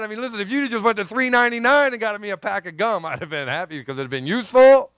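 A man, a pastor, giving an animated, conversational sermon with repeated phrases and acted-out asides. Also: high-pitched, quick pace, few pauses, clean tone, no room sound.

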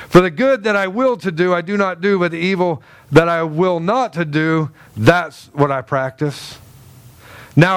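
A pastor preaching a sermon, swinging from hushed asides to loud urgent pleas, repeating phrases and acting out quoted voices. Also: male voice, on the high side, clear, resonant tone, no room sound.

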